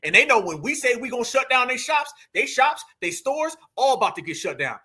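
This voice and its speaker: A man hosting a livestream gives animated, preachy reaction commentary, laughing often and leaning on slang. His voice is strikingly high for a man and very bright, with a tense, piercing edge. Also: brisk, husky.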